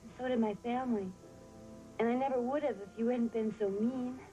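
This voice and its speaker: A woman's voice: a little high, steady tone, fairly quick, dark tone, lo-fi sound, soft background music, natural voice. An actress playing a frightened young woman patient. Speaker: actor. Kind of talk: sitcom drama acting.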